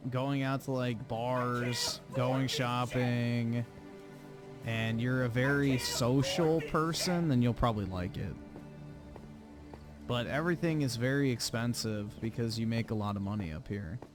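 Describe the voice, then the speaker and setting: A man's voice: mid-range voice, measured pace. A man hosting a livestream, reading viewer donations aloud in casual chat with an offhand, blunt manner and casual swearing. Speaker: livestream host. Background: music playing under the voice.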